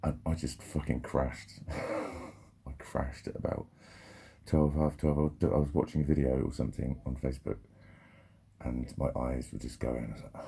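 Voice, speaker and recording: A man's voice: a bass voice, steady tone, unhurried, creaky, pauses often, dark tone, breathy edge. A man rambling and swearing freely through a casual vlog monologue, often breaking off and restarting his sentences. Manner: rambling, sweary, self-interrupting. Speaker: vlogger.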